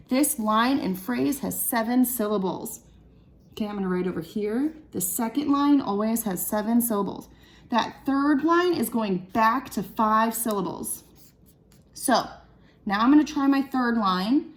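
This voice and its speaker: A young woman teaches children how to write a poem, thinking aloud as she works. Her voice sits a little high and she takes her time, counting syllables slowly and patiently. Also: expressive. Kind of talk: classroom lesson for children.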